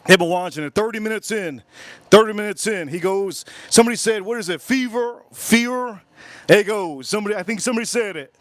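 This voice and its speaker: A man with a slightly raised pitch chats loosely on a live stream. He rambles from one thought to the next and picks up viewers' comments as they come in. The sound is close and dry, with little room around it. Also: fast talker, no echo. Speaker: livestream host. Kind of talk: casual livestream chat.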